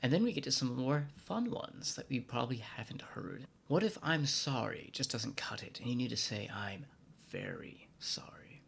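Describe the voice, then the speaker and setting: A man's voice: medium pitch, lively intonation, normal speed, vocal fry, hardly any pauses, breathy edge. American man hosting a language vlog. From United States. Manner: playful, drops into hushed asides and mock-formal speech. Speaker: vlog host teaching Japanese. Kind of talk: scripted educational vlog narration.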